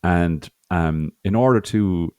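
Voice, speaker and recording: A man's voice: low voice, slow, warm tone, clear, resonant tone, no room sound, clean studio sound. A man co-hosting a podcast in casual chat, rambling and self-mocking, often laughing. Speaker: podcast co-host.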